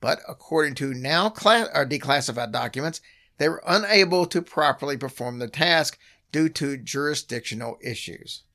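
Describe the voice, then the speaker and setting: Hoarse, gravelly man telling stories. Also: on the high side, normal speed. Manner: animated storyteller, restarts sentences. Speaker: podcast host. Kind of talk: casual podcast chat.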